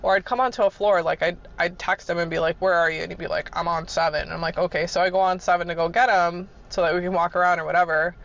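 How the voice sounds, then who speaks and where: A woman's voice: lowish voice, steady tone, fast talker, gravelly, hardly any pauses, fairly bright tone, muffled recording. A woman telling casual work stories in a laid-back, chuckling way, swearing freely. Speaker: vlogger. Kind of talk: casual storytelling.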